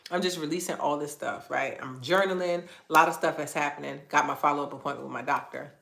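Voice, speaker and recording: Woman wellness coach, low-pitched, animated casual storyteller, echoey room; host of a live stream. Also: quick pace, gravelly. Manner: animated storytelling, acts out quoted voices in a much higher pitch; casual, conversational phrasing.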